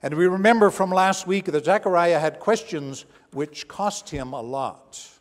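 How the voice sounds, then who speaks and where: A male pastor preaching a sermon with dramatic swings between hushed and raised delivery. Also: high voice, a little slow. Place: church sanctuary. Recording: long church reverb.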